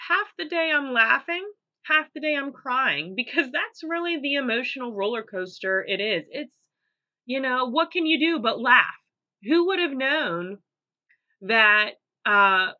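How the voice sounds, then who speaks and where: A young woman talks through her own solo podcast in a bright, forceful voice, chatty and upbeat, quick to laugh, with lots of "you know" and "um". The recording is a little dull and lo-fi, like a simple home setup. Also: medium pitch. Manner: chatty and upbeat, laughs easily, many fillers. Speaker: podcast host. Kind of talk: casual solo podcast monologue.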